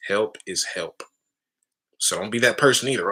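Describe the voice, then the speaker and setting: A man's voice: fairly low pitch, normal speed, pushed and bright, breathy edge. A man giving a casual spiritual teaching talk, calling listeners family and often adding "right?". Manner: casual, addresses listeners as family, frequent tag questions.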